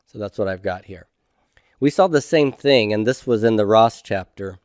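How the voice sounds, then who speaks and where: A man's voice: on the low side, darkish tone, dry recording, clean studio sound. A middle-aged man teaching a Hebrew grammar class, explaining step by step and often checking in with "okay?". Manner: slow, methodical, checks in with "okay?". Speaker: Hebrew instructor.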